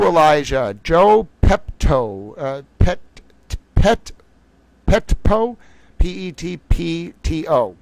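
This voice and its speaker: A man's voice: medium pitch, no room sound. A man hosting a livestream, chatting casually, joking and reading the chat aloud. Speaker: livestream host.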